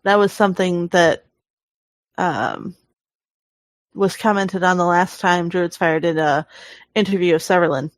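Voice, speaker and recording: A woman's voice: on the low side, fairly even intonation, unhurried, long pauses, dry recording. A woman co-hosting a gaming podcast, chatting casually and explaining things with fillers and restarts. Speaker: podcast co-host.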